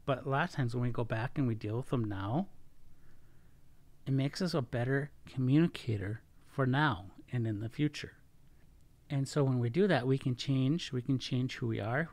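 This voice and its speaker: A man's voice: medium pitch, no room sound. A middle-aged man hosting a casual solo podcast, talking earnestly and often correcting himself mid-sentence. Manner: earnest, self-correcting, stumbles over words. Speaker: podcast host.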